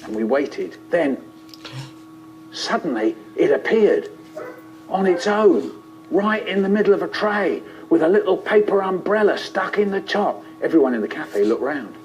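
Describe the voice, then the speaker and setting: A man telling a childhood story in a playful, expressive way. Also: high voice, normal speed. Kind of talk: animated storytelling. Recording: lo-fi, muffled.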